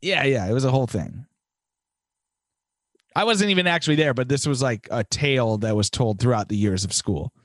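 A man's voice: mid-range voice, lively intonation, normal speed, no echo, studio quality. Laid-back man in casual chat. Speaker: podcast co-host.

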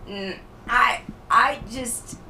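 A woman's voice: on the high side, very slow, a crowd in the background. A woman co-hosting a podcast, talking in a casual, argumentative way. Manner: animated, argumentative. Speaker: podcast co-host. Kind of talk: casual chat.

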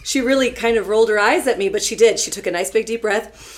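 A woman who is a teacher, co-hosting a podcast and telling a classroom story in a casual, animated way. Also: fairly quick, few pauses. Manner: animated storyteller, quotes students in soft low tones.

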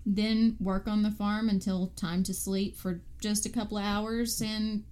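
A woman's voice: mid-range voice, level tone, a little slow, a little mellow, clear, resonant tone. A woman co-hosting a casual podcast, telling the story in a matter-of-fact way. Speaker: podcast co-host.

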